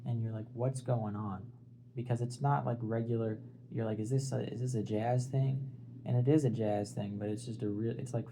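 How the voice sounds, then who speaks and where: A man's voice: lowish voice, warm tone, a little hiss or hum, low-quality recording. A young man talking casually about an album, rambling and searching for words as he goes. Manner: rambling, filler-heavy, restarts and searches for words. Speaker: music video essayist. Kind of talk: casual unscripted album talk.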